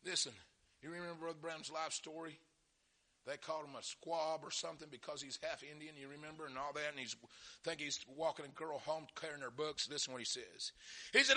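A middle-aged man preaching a sermon, telling folksy stories and swinging from quiet asides to shouted fervor. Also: a little high, moderate pace.

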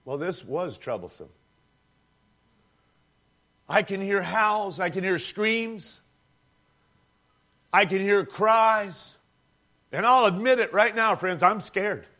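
A preacher with a high-pitched voice delivers a sermon as dramatic storytelling. He speaks directly to his listeners, calling them friends, as he builds the scene. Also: animated, slow, pauses often, pushed and bright.

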